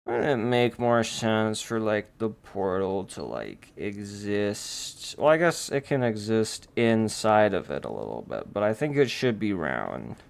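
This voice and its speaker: Unhurried jokey man streaming while drawing. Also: lowish voice, sing-song, creaky, clean tone. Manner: rambling, jokey, thinking aloud.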